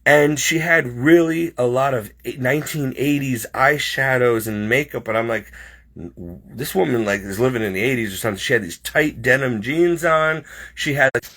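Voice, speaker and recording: A man's voice: mid-range voice, moderate pace, pushed and bright. A man telling a personal story over a video call, rambling with many fillers and restarts.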